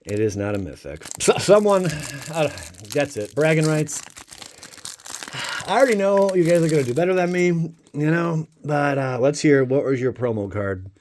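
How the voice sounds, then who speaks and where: A man's voice: on the high side, expressive, normal speed, a little mellow, slight background noise. Guy doing a chill card-opening vlog, jokey and playful, voice bouncing all over the place. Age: adult father of a young child. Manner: playful, jokey, talks to viewers. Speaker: channel host opening card packs. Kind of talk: casual pack-opening vlog chat.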